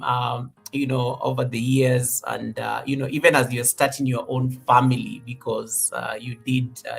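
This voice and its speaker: A woman's voice: a bass voice, creaky, a bit bright, breathy edge. A woman hosting a casual live-stream chat, laughing often and reading out viewer comments. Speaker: host.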